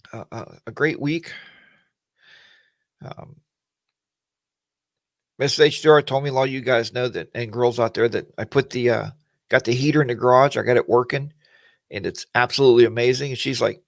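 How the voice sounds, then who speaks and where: A man's voice: mid-range voice, normal speed, pauses often, dry recording. A man hosting a casual weekly livestream chat, rambling in a folksy way and greeting viewers by name.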